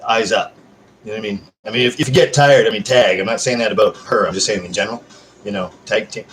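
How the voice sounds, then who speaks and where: A man's voice: lowish voice, fast talker, fairly bright tone, a little hiss or hum. A man chatting with viewers from home on a live stream, joking and swearing in a loose, casual way.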